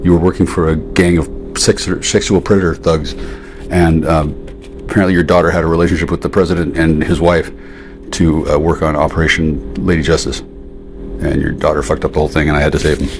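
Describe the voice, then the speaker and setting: A deep-voiced man rants at someone who isn't there, cursing and sneering as he goes. His delivery swings between mocking jabs and low muttering, with faint hiss behind him. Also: flat delivery, brisk. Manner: profane, sarcastic, confrontational; lurching between jeering highs and muttered asides. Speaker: vlogger. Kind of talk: one-sided rant addressed to an absent woman.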